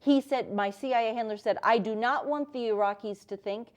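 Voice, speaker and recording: A woman's voice: a little high, fairly quick. Emphatic American woman interview guest. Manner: insistent, emphatic storytelling. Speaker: guest, former intelligence asset. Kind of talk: interview answers.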